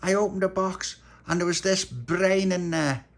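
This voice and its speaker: A man's voice: sits high, moderate pace, gravelly, voice pushed up. A man voicing a timid, whiny young boy who wails and whimpers. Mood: whimpering.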